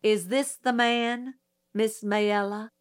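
A woman's voice: a little high, steady tone, takes it slowly, clear, resonant tone, voice pushed up. A woman reading an audiobook, voicing a middle-aged male lawyer who questions a witness patiently in a dry, detached way. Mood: measured, persistent.

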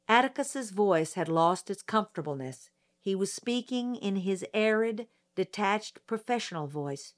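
A woman narrating a novel as an audiobook in a slow, deliberate reading. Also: mid-range voice, expressive.

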